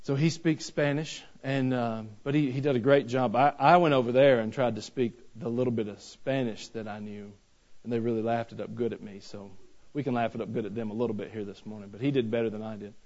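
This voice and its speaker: A man's voice: mid-range voice, steady tone, brisk, darkish tone, muffled recording. A man preaching a sermon. He talks in a folksy, joking way that builds into fervent preaching. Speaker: pastor.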